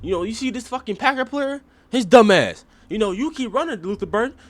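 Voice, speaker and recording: Male comic host, rambling profane mock analysis, lively voice. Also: very high voice, brisk, dry recording. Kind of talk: comic sports breakdown.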